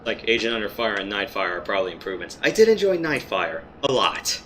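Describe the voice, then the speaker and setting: A man's voice: fairly low pitch, very animated, quick pace, a bit bright, a little hiss or hum. A man co-hosting a livestream, chatting casually about a game in a rambling way. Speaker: livestream co-host. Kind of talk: casual chat while playing a game. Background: game music.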